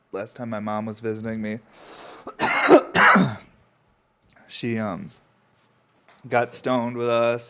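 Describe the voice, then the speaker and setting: A young man from upstate New York, stoned and sniffling, rambles through stories on his own podcast at a mid-range pitch. He coughs now and then and swears freely, drifting from one story to the next in a loose, unscripted way. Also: bright, forceful tone. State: stoned, runny nose. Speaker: podcast host. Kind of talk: casual rambling monologue.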